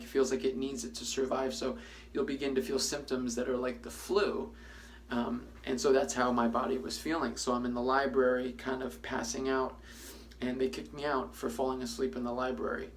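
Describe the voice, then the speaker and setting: A man giving an earnest, reflective personal testimony, with frequent pauses and fillers. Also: medium pitch, creaky. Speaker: testimony speaker.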